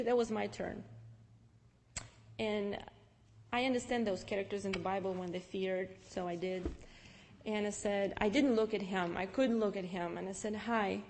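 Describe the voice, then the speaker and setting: A young woman with a Russian accent, Russian-speaking by birth, telling her personal faith story to an audience in a lively, storytelling way. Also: mid-range voice. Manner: lively storytelling with restarts and acted-out dialogue. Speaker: speaker giving testimony. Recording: long reverb from a large hall.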